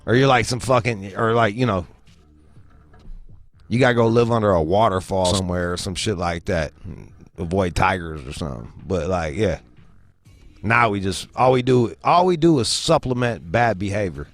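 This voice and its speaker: A man's voice: on the low side, moderate pace, no echo, faint music behind. A young man hosting a show, telling a story as a profane comedic rant and acting out the voices he quotes. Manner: animated storytelling, acts out quoted voices, swears heavily. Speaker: host.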